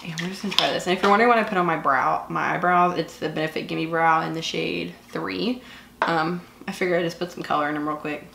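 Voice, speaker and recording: A woman's voice: deep voice, fairly even intonation, quick pace, gravelly, bright, forceful tone, slight background noise. Chatty Southern woman, echoey room. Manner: chatty, gushing, lots of "like" and "um". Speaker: beauty vlogger. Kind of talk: casual get-ready-with-me chat while doing makeup.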